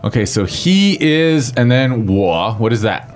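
Relaxed male lesson co-host. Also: medium pitch, unhurried, faint music behind. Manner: relaxed, explanatory, uses um. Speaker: podcast co-host. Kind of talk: casual lesson explanation.

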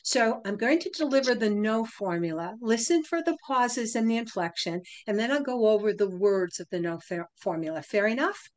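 A middle-aged woman, a guest on a podcast, explaining a sales method in an animated way with deliberate pauses. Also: a little high. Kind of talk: casual interview talk.

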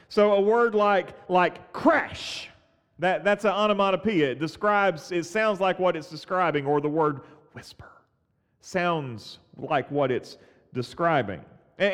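A man preaching a sermon as a pastor, earnest and halting, often restarting his phrases. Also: high-pitched, long reverb tail.

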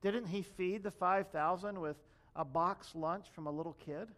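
A man's voice: sits high, a little slow, fairly bright tone. A man preaching a sermon in a conversational way, addressing the congregation directly and acting out the people in the story. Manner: conversational preaching, acts out quoted voices. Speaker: pastor.

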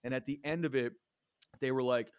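A man's voice: mid-range voice, fairly even intonation, brisk, clear, resonant tone, no echo, studio quality. Earnest man rambling through a story. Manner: earnest, rambling, with frequent restarts. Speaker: podcast guest. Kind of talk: casual conversational storytelling.

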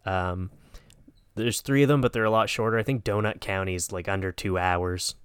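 A man's voice: low voice, steady tone, moderate pace, clear, resonant tone, no room sound, clean studio sound. A man co-hosting a casual podcast, talking hesitantly with many ums and restarts. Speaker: podcast co-host.

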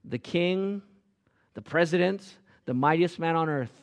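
A man preaching a sermon as pastor, emphatic, swinging from loud rises to quiet drops. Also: a little high, a little slow. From Los Angeles area.

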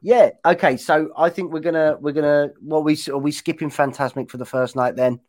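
A man's voice: a little high, steady tone, a little fast, darkish tone. A man co-hosting a podcast in casual chat, rambling into stories and restarting sentences. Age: young adult or older. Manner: chatty, rambling storyteller who trails off and restarts. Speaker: podcast co-host.

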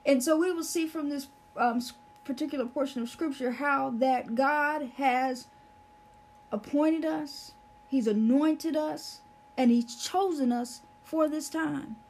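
A woman's voice: high-pitched, unhurried, darkish tone. A woman preaching a sermon in an earnest way, repeating phrases for emphasis with many fillers.

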